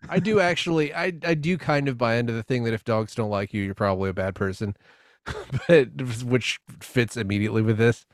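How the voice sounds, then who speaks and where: A man in a casual podcast chat with a middle-range voice. He is wry and quick to laugh. The mic is close and dry, with no room sound. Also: mid-range voice, no echo. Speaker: podcast co-host. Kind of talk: casual chat and read-aloud prologue.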